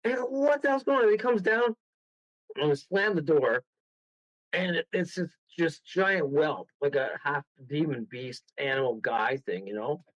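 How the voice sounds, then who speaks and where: Excitable guy from toronto spinning a rambling yarn, high voice, muffled lo-fi line. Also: a little slow, no room sound. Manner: excitable, rambling, laughs through his story. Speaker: guest medium and paranormal investigator. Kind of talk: casual storytelling on a radio call. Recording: dull lo-fi radio audio.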